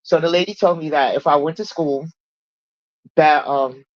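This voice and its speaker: A woman's voice: normal speed, lo-fi sound. A woman telling her own recovery story in a casual livestream chat, blunt and profane, acting out the people she quotes. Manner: animated, acts out quoted people in raised pitch, blunt and profane.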